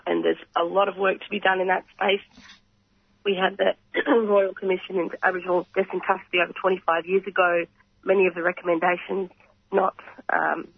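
Australian man, croaky, high-pitched, flat and measured delivery; phone-line guest for a radio interview. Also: no room sound. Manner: earnest, measured, frequent pauses and throat clearing. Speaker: reconciliation organisation representative. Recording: tinny phone line, dry.

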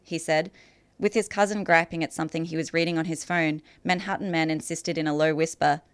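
A woman author reading a passage from her own novel aloud in a measured, clear way. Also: deep voice, fairly even intonation, no room sound.

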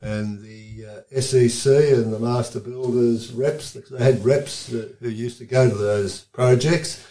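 A man's voice: mid-range voice, steady tone, measured pace, mellow. A man interviewing a guest, prompting him with long questions and explaining background for listeners. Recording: roomy echo.

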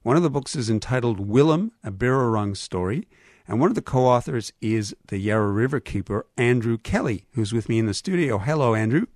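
A male radio host with a Canadian accent interviews guests in a studio, pausing and restarting often. His voice sits at a middling pitch. The sound is dry and close. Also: expressive, darkish tone, no room sound. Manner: halting, stumbles over names.

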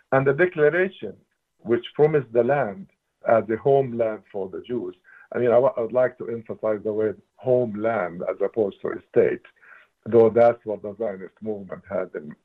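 An emphatic man in his seventies, originally from Palestine, speaks as a radio interview guest. His voice sits at a middling pitch. The sound is narrow and tinny, like a phone line. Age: 70s. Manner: impassioned, emphatic, occasional restarts. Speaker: interview guest, writer and political analyst.

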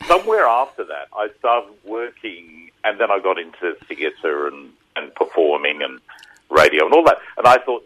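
A man in his fifties with an Australian accent, a radio guest who tells stories in an animated way. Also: low voice, moderate pace, low-quality recording. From Rockhampton, Queensland, Australia. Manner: animated storyteller. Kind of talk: casual radio interview.

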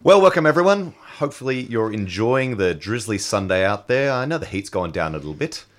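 A chatty Australian man hosting a relaxed community radio show. His voice sits a little low, with a lively, swinging delivery. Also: a little fast, over music. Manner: chatty, laughs easily, many fillers. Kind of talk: casual community radio chat.

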